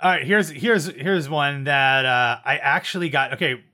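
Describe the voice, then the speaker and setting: A man co-hosting a podcast, with a fairly high and very bright, forceful voice. He chats casually, restarts his sentences often and trades jokes. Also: normal speed. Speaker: podcast co-host. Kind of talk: casual chat.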